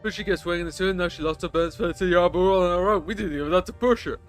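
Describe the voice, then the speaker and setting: A game streamer reading the lines of a chatty, rough male stranger on a bus, telling crude stories in a rambling way. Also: medium pitch, racing, faint music behind, pitched above the performer's own voice, close to an everyday voice.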